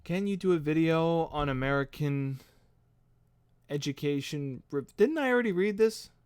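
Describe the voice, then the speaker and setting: Smooth-voiced man chatting on a live stream. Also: on the high side, lively intonation, moderate pace, a little mellow, no room sound, clean studio sound. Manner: chatty, upbeat and self-deprecating. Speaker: host. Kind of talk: casual live-stream chat answering viewer comments. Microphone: studio microphone.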